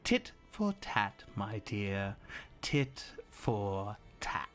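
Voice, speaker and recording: A man playing a calm, whispering vampire lord. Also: lowish voice, soft background music, voice pushed down, full character voice. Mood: coldly menacing. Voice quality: slow, soft, whispery menace. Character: pale aristocratic male vampire lord, calm and menacing.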